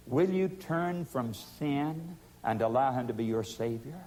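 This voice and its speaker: A man preaching a sermon, pleading with emphatic force and then dropping to hushed tones. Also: mid-range voice, lively intonation, unhurried, few pauses.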